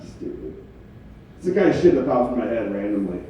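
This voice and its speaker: A man's voice: mid-range voice, lively intonation, fairly quick, dark tone, dull audio. A man doing a stand-up comedy set in a club, laid-back and swearing casually, chuckling at his own jokes. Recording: echoey club recorded from far off.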